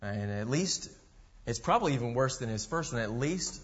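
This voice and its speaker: A man's voice: mid-range voice, animated, normal speed. Preacher man in a reverberant hall. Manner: reads scripture aloud then explains it, with rhetorical questions. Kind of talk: sermon. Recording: muffled voice with long hall reverb.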